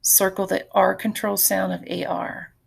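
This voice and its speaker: Creaky-voiced woman teaching a phonics lesson. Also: medium pitch, level tone. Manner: slow, patient instructions, often repeating words.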